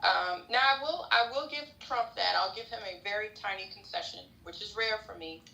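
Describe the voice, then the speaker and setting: A woman's voice: medium pitch, normal speed, creaky, pushed and bright, roomy sound, poor audio. A woman co-hosting a political podcast, opinionated and rambling.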